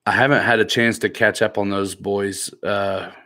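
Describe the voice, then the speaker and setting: A man with a somewhat low voice hosts a casual live stream, chatting easily and joking around. He reads viewer comments aloud and teases the people in the chat. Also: steady tone, normal speed, pushed and bright. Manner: joking, laid-back, teasing viewers.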